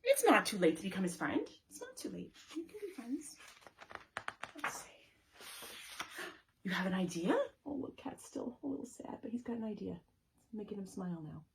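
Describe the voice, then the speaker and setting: A woman librarian leading story time for young children, reading and rhyming in an animated, sing-song way and asking them questions. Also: medium pitch, moderate pace, gravelly, long pauses, a little hiss or hum.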